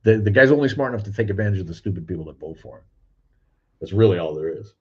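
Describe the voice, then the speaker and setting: A man's voice: low voice, lively intonation, fast talker, a little mellow, husky, dull audio. An older man hosting a livestream, reading chat and rambling bluntly with plenty of swearing. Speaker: livestream host. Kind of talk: casual livestream chat, reading comments aloud. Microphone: streaming cameras.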